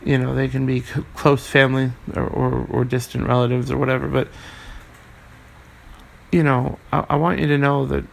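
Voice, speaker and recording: A young man hosting his own podcast, talking earnestly and haltingly with many restarts and fillers, swearing now and then. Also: medium pitch, creaky. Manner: swears casually. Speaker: podcast host. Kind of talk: casual solo podcast monologue.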